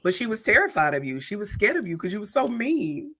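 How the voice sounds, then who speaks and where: A woman's voice: medium pitch, very animated, fairly quick, pushed and bright. A woman pastor co-hosting a church talk show, speaking in an emphatic, preacherly way. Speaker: pastor and co-host.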